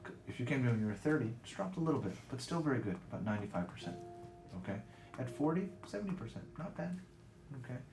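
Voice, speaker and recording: Male doctor, quick and reassuring, roomy sound, music bed underneath. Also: medium pitch, sing-song. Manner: brisk, reassuring, keeps checking in. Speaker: fertility doctor. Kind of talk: explaining to a patient.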